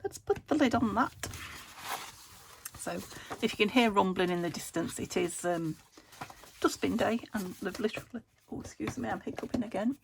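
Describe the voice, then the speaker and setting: Chatty British woman with a gravelly voice. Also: mid-range voice, expressive, normal speed, slight background noise. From United Kingdom. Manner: rambling, thinks aloud, laughs often. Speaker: crafting channel host. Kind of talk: chatty crafting vlog. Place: home craft room.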